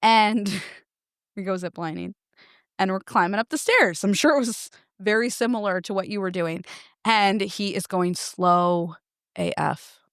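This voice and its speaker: A woman co-hosting a podcast, telling a story in a lively way and laughing often. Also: medium pitch, unhurried, smooth, dry recording, clean studio sound. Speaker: podcast co-host. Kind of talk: casual chat.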